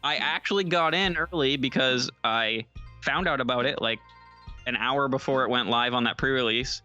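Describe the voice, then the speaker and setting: Bright-voiced chatty man. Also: mid-range voice, lo-fi sound, soft background music. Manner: quick, chatty, lots of fillers and asides. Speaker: podcast co-host. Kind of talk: casual chat.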